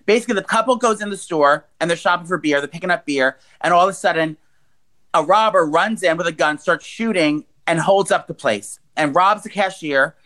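A woman in her forties co-hosting a casual podcast, retelling wild news stories in a blunt, profane, animated way. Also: on the low side, a little fast. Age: 40s. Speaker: podcast co-host.

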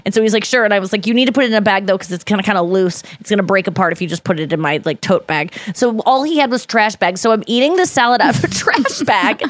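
Woman host, young adult, casual rambling storyteller, self-deprecating, medium pitch, dry close mic. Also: fast, hardly any pauses, dry recording. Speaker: podcast host.

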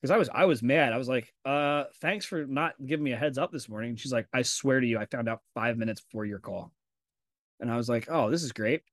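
A male podcast host talking in a loose, conversational way, swearing freely and acting out the dialogue in his stories. His voice sits at an everyday middle pitch and sounds dry and close to the mic. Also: fast, dry recording. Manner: candid and profane, acts out quoted dialogue in storytelling. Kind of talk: casual conversational interview.

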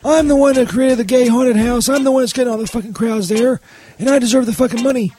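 Peter, a shifty, whining haunted-house guy with a very high, squeaky voice and a foul mouth, played by a man, in a radio comedy bit. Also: fast, dark tone, a little hiss or hum. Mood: defiant. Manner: defiant, profane, grumbling. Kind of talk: comedy sketch banter.

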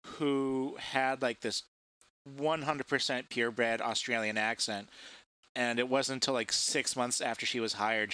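A man with a bright, sharp voice asks questions and tells stories on a podcast. He laughs often and stammers as he talks. His pitch sits in the middle range. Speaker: podcast co-host. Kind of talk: casual chat.

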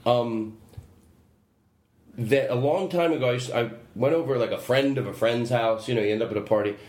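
A man's voice: medium pitch, normal speed, a little mellow. A man hosting a podcast in casual chat, telling a story in a rambling way that keeps interrupting itself. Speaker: podcast host. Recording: roomy with faint background noise.

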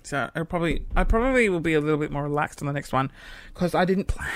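A man's voice: fairly high pitch, lively intonation, quick pace. A man hosting his podcast in casual, rambling, self-deprecating chat. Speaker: podcast host.

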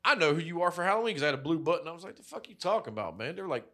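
Podcast co-host, man in his thirties, somewhat high and sharply bright, swears constantly and rambles through his stories. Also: very animated, rapid-fire. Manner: profane, rambling storyteller with lots of fillers. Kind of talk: casual chat.

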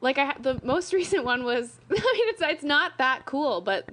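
A woman's voice: sits high, animated, normal speed, a bit bright, slight background noise. A young woman guest in a casual chat, chatty and hesitant with frequent fillers.

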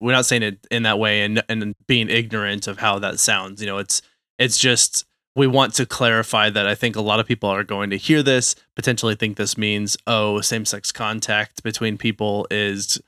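Casting: low-voiced man co-host from the western US, bright tone, careful explainer. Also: flat delivery, moderate pace, dry recording, clean studio sound. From Western United States. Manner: explanatory, careful, hedging restarts. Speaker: podcast co-host. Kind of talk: casual explanatory chat.

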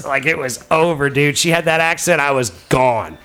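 A man's voice: on the high side, brisk, hardly any pauses, a bit bright. Crude, rambling male podcast host. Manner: crude, rambling, storytelling with many fillers. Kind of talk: casual comedic podcast chat.

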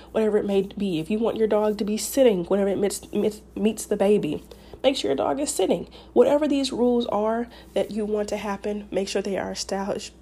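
A woman's voice: mid-range voice, mellow. A woman hosting a podcast, giving casual advice in a chatty, rambling way with many fillers and restarts. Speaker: podcast host.

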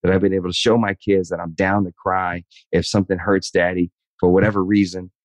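A man's voice: low-pitched, level tone, a little fast, no echo, poor audio. A man in his thirties, a podcast guest, talking earnestly and openly, repeating words and calling the host man and dude. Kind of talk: candid interview talk.

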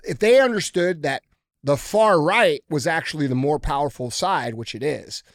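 Male co-host, slightly high voice, dry sound, forceful opinions. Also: expressive, moderate pace, no room sound. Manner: emphatic, opinionated, rhetorical questions. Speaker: podcast co-host. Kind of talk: casual chat.

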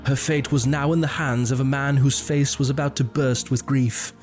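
Male storyteller, mid-pitched, measured and dramatic, soft music behind. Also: steady tone. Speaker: narrator. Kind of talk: scripted story narration.

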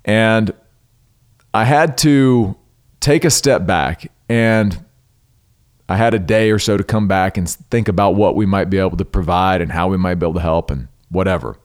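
A man's voice: low-pitched, normal speed. A man hosting a solo business podcast, talking earnestly and emphatically, with restarts and side remarks. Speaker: podcast host.

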